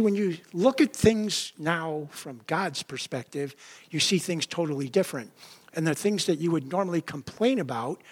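A man preaching a sermon in a high voice, relaxed and conversational. He keeps checking in with "right?" and "you know", and acts out quoted voices with sudden rises in pitch. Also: slightly rough. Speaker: pastor.

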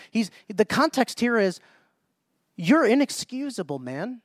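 High-voiced man preaching a sermon. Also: very animated, measured pace, dry recording, studio quality. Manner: rhetorical questions and frequent restarts; reads scripture in old-fashioned biblical wording.

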